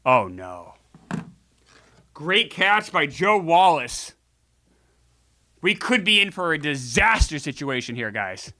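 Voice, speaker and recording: Lively, bright-voiced man gaming. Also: on the high side, a little slow, no room sound. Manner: joking, talks to viewers, swears casually. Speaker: gaming show host. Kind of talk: casual video game commentary.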